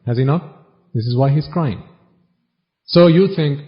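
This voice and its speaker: In a dull, lo-fi recording, a man delivers a Buddhist sermon at a moderate pace in a medium-pitched voice, leaving long pauses. Wry in tone, he needles his listeners with a string of questions.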